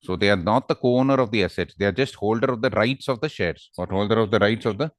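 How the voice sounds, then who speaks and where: A man's voice: lowish voice, fast, no room sound. Indian english guy teaching online law class, quizzes students, dry close sound. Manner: lively, quizzes students, playful teasing.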